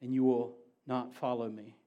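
A man preaching a sermon as pastor, building to emphatic raised passages and dropping to quiet low asides. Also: little pitch movement, moderate pace, dull audio.

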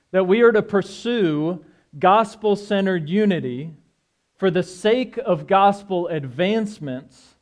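A man preaching a sermon in a relaxed, conversational way, often checking in with the congregation. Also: sits high. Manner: conversational, asks "right?" often. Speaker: pastor.

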